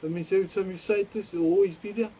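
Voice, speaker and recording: Man, high warm voice, loose rambling storyteller with lots of repetition. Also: steady tone, fast talker, a little hiss or hum, rough recording. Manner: rambling, repeats phrases, acts out others' lines.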